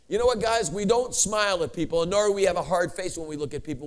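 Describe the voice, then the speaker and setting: A man preaching a sermon as a pastor, telling stories with rising energy and bursts of shouting. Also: high voice, fast, hardly any pauses. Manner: animated storytelling, building to shouts.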